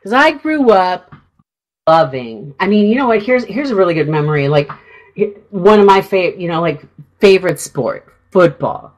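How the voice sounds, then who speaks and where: A middle-aged woman from Minnesota chatting on a radio show into a studio mic. Her voice sits a bit low but swings widely as she tells a rambling story full of fillers and restarts. She sounds congested from a sinus infection and keeps clearing her throat. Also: lively intonation, moderate pace, poor audio. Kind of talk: casual chat.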